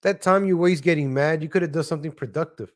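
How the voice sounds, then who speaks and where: Guy streaming live, kinda high voice, blunt and sweary, ranting over viral videos. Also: fast. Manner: blunt, profane ranting storyteller. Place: lives in Texas.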